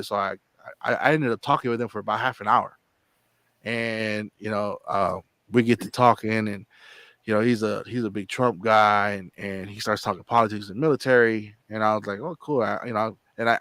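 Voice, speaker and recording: A man tells a long, meandering story in casual chat, slipping into quoted lines as he goes. His voice sits on the low side, and it is recorded close and dry with no room sound around it. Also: pushed and bright, no echo. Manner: rambling, repeats words and acts out quotes. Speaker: channel host.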